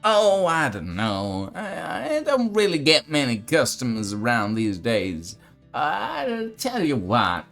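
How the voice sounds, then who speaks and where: A man's voice: mid-range voice, wildly swooping pitch, creaky, fairly bright tone, soft background music, pitched above the performer's own voice, heavily acted. A man putting on a gleeful old arrow merchant. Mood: haggling. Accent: wobbly put-on accent of no fixed place. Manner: drawn-out, sing-song, relishing his wares.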